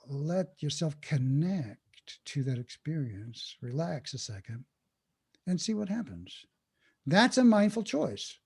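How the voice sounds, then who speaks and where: A man, a podcast guest, explaining mindfulness in an animated way and acting out inner thoughts. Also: on the high side, takes it slowly, creaky, husky. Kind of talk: podcast interview talk.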